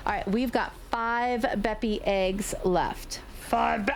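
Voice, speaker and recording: A woman streamer chatting casually with her viewers in a playful way, now and then slipping into squeaky baby talk and screams. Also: steady tone, takes it slowly, creaky, few pauses, slight background noise. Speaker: livestreamer. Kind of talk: casual live-stream chat.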